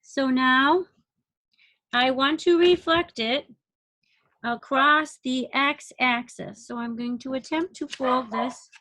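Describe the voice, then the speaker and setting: A woman's voice: high voice, slow, sharp tone, no echo. Patient woman teaching a math lesson. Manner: patient, counts units aloud, asks the class questions. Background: dog barking.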